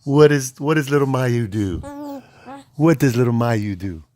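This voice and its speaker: A man's voice: medium pitch, expressive, a little slow, a little mellow. A man reading a picture book aloud to his baby son in playful, sing-song baby talk, making animal noises at home.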